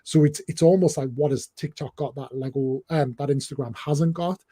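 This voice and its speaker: A man hosting a casual livestream chat. His voice sits a little high but sounds mellow and soft. The sound is dry and close, with no room echo. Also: moderate pace, husky. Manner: relaxed, rambling, with fillers and laughs. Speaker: livestream host.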